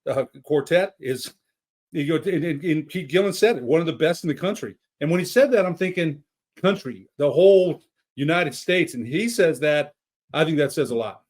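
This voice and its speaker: A man on a sports podcast talking basketball in a halting way, often restarting his thoughts. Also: a little high, animated, darkish tone. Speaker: podcast co-host. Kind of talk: casual sports chat.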